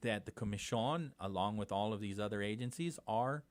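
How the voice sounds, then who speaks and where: A man with a Guam accent hosts a casual morning radio talk show from a studio, animated and indignant. His voice is on the low side at a moderate pace, shifting between quiet asides and loud outbursts.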